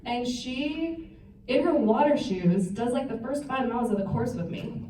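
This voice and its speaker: A young woman speaking at a retreat, telling a personal story to an audience in a lively, self-mocking way. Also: on the high side, unhurried, a little hiss or hum. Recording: roomy hall, voice picked up from a distance.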